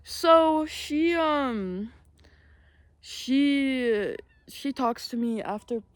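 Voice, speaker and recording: A woman's voice: high-pitched, very slow, dry recording. A young woman telling a story in casual, rambling chat, swearing freely and leaning on fillers, outdoors with wind. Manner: rambling, profane, filler-heavy. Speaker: vlogger. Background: wind and passing vehicles.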